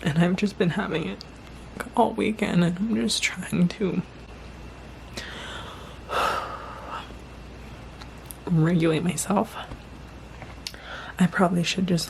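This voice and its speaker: A young woman chatting casually in a self-care vlog at home, rambling with lots of fillers, teary and dropping into soft whispers. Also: on the low side, fairly even intonation, slow, creaky, pauses often, a little hiss or hum. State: teary, emotional. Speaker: vlogger. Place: home, indoors at night.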